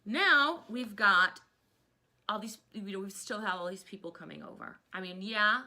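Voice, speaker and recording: A woman in her thirties teaching a history lesson in a chatty, casual way, often veering off into animated personal rants. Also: mid-range voice, moderate pace. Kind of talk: casual recorded history lecture.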